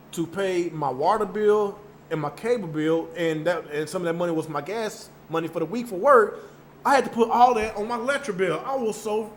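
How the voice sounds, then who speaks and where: A man's voice: high-pitched, normal speed, slight background noise. A man hosting a gaming channel, chatting casually with his viewers in a loose, emphatic way, with repeated words and mild cursing. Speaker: gaming channel host reading viewer chat. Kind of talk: casual live-stream chat.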